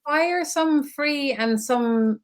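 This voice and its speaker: A woman's voice: sits high, slow pace. A woman hosting a live-stream chat, asking questions with interest. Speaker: host.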